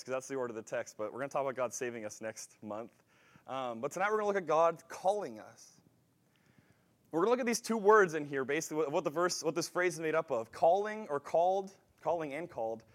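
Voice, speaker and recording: A man preaching a sermon in a conversational way, thinking aloud with frequent restarts and swinging from quiet asides to emphatic rises. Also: fairly high pitch.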